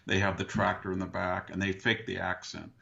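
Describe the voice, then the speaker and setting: A man's voice: low-pitched, level tone, brisk, gravelly, pushed and bright, a little hiss or hum. An older man, a guest on a talk show, telling long dry anecdotes in conversation and slipping into other people's voices to quote them. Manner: dry, anecdotal, mimics others mid-story. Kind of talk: conversational storytelling. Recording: dull lo-fi remote audio.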